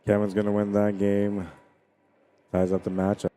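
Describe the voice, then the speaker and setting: A man's voice: lowish voice, monotone, normal speed, dark tone. A man giving casual, chatty commentary on a pool stream, talking to viewers and laughing. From Spanish heritage.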